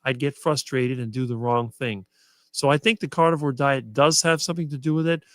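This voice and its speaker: Middle-aged male guest, smooth talker with no ums, dry close mic. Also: mid-range voice, steady tone, fairly bright tone, no room sound. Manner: fluent and quick, few fillers. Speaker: guest on a diet talk show. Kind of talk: casual conversation on a live stream.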